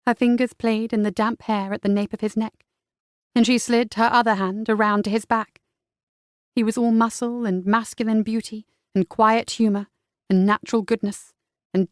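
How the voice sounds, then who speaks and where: Woman reading a romance audiobook, highish voice, close dry sound, slow and intimate. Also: little pitch movement, dry recording. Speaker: audiobook narrator. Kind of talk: scripted romance narration.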